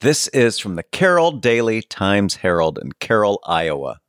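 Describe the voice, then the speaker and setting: A man's voice: fairly low pitch, sing-song, unhurried, fairly bright tone, dry recording, clean studio sound. A man co-hosting a podcast, laid-back with wry asides, chatting casually and reading old letters aloud. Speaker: podcast co-host.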